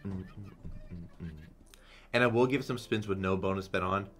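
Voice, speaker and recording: A young man giving casual, excitable commentary while playing a slot game, swearing freely. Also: low voice, brisk, soft background music. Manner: excitable, swears a lot, chants "come on". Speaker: slot streamer. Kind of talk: live gambling commentary.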